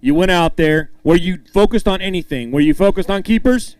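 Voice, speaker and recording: This tournament emcee speaks high and fairly quickly, with a slightly mellow tone on a dry recording. He announces the weigh-in, summoning anglers, reading weights, and bantering upbeat with each one he hypes.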